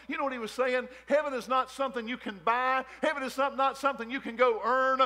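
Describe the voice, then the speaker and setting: A man's voice: very high voice, quick pace, pushed and bright. A man preaching a fervent sermon as pastor in a church, repeating his points with folksy asides. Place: church sanctuary. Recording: long hall reverb in a church.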